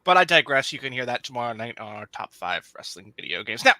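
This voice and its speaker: A man's voice: mid-range voice, fast, few pauses, bright, forceful tone, no echo. A man hosting a podcast, chatting casually and reading channel promos with upbeat asides. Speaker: podcast host.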